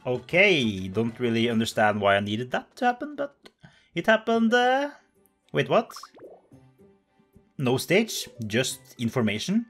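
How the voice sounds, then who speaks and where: Playful, animated man playing a game. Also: medium pitch, normal speed, slightly rough, faint music behind. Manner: playful, bubbly, gasps and makes silly sound effects. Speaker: let's play host. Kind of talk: casual game commentary.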